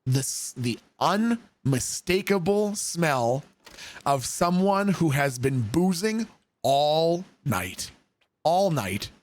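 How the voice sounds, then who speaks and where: A man streaming a game, telling a long rambling story in a casual, profane, animated way. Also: fairly high pitch, extremely slow.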